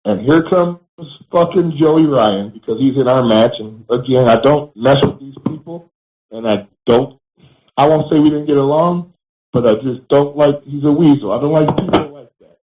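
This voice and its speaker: A man, a former pro wrestler, giving a candid interview. He speaks bluntly, swears freely, and pauses often on fillers. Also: mid-range voice, a little mellow, rough recording. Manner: frequent fillers and restarts. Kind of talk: candid storytelling.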